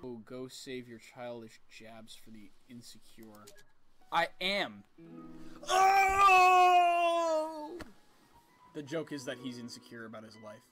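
A young man doing comedic, profane let's play commentary with excitable, silly outbursts. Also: medium pitch, moderate pace. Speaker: game let's play host. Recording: game music under the voice.

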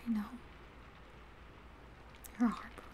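A woman's voice: a little slow, background noise, lightly acted. A young woman voicing a protective best friend in a whispered role-play, swinging between heated and tender as she speaks straight to the listener. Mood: gentle, comforting. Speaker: ASMR role-play performer.

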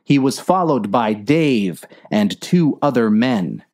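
A woman reading a clumsy war story aloud in a slow, mock-earnest narration. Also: a bass voice, animated, mellow. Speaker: story reader.

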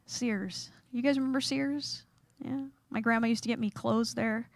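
A woman with a high, bright voice preaches in a light, joking way, building her point through self-deprecating stories. She acts out little scenes as she goes. The sound is dry and close, with no room around it. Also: normal speed, gravelly, dry recording. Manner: animated, self-deprecating storyteller acting out scenes. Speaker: chapel speaker. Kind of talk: humorous sermon storytelling.

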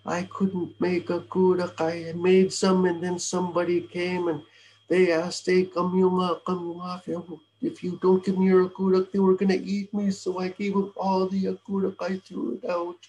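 A man's voice: sits high, completely flat delivery, normal speed, darkish tone, pitched above the performer's own voice. A man voicing Mink, a worried young wife, speaking in a raised, pleading voice.

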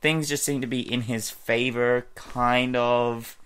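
A man's voice: mid-range voice, level tone, takes it slowly, a bit bright, clean tone. A man casually talking through his wrestling predictions in a video blog, rambling with lots of fillers and restarts. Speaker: wrestling fan vlogger.

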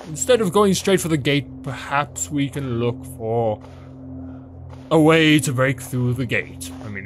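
A man giving theatrical, excitable horror game commentary, swearing a lot and playing along with his in-game character. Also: medium pitch. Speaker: let's play gamer.

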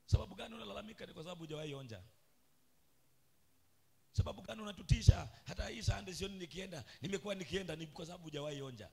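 A man preaching a charismatic church sermon, swinging from loud shouted calls to quiet asides and sing-song chanting, with a husky voice. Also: high-pitched, very fast. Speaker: pastor. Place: church sanctuary.

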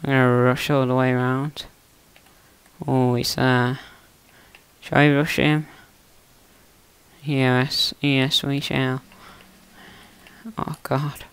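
A man's voice: mid-range voice, level tone, slow pace, pauses often, a bit bright, clean tone. A young man talking to himself in a chatty, teasing way while commentating his own gameplay on a close mic. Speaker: gaming YouTuber.

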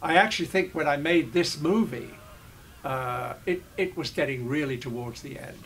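Older man reminiscing with halting restarts. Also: fairly high pitch, fairly bright tone, slight background noise. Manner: digressive storyteller, halting restarts. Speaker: actor interviewee. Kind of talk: reminiscing interview.

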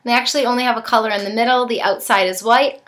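A young woman with a bright, fairly high voice chats through a casual snack unboxing review. She tastes each treat as she goes, sometimes talking with her mouth full. A faint hiss sits under the recording. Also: steady tone, fast talker. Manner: chatty, talks while chewing.

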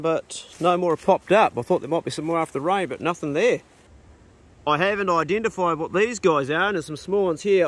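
A middle-aged man hosting a casual vlog outdoors on his farm, talking bluntly and swearing easily. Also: fairly high pitch. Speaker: farm owner and channel host. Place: outdoors on a rural farm property.

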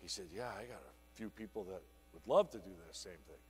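A man giving a conference keynote on sales, telling an animated story that acts out a conversation with a client. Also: deep voice, brisk, slightly rough, in a large hall, soft background music. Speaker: sales trainer. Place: conference hall.

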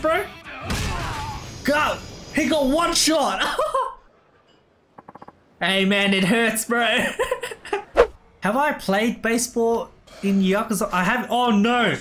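A man gives casual, excitable commentary while playing a video game. He laughs often and drops "bro" and "man" into nearly every line. Game music plays clearly behind his voice. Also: extremely high pitch. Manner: excitable, laughs a lot, says "bro" constantly. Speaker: gameplay streamer. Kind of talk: casual let's play commentary.

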